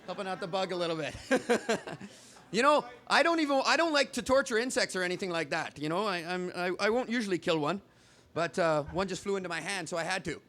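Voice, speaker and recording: A man's voice: sits high, lively intonation, brisk, bright, forceful tone. A man doing stand-up comedy on stage, rambling conversationally with the audience. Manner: rambling, conversational, putting on little voices for bugs. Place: stage in front of a live audience.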